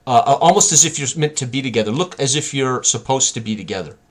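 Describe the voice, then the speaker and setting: A man's voice: mid-range voice, animated, fast. Man narrating as game master.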